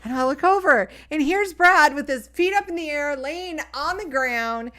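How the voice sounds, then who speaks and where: A middle-aged woman chatting on a casual live stream from home. She tells stories in a lively, animated way and laughs often. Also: high-pitched, moderate pace.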